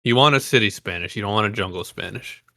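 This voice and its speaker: A man's voice: lowish voice, fast talker, vocal fry, bright, forceful tone, dry recording, studio quality. A man co-hosting a casual podcast, speaking bluntly and offhandedly and often breaking into laughs.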